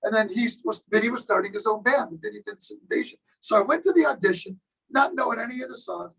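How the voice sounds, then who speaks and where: A man in his sixties tells stories as an interview guest. His voice sits very high and has a husky, gravelly grain. He is lively and acts out the lines of the people in his stories. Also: fast, low-quality recording. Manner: animated storyteller who acts out other people's lines. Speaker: guest drummer. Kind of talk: casual storytelling interview.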